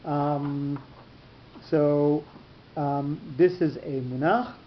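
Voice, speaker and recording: A man teaching a class on cantillation marks. He explains patiently, rephrases often, and fills pauses with ums. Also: steady tone. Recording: dull lo-fi recording with faint rumble.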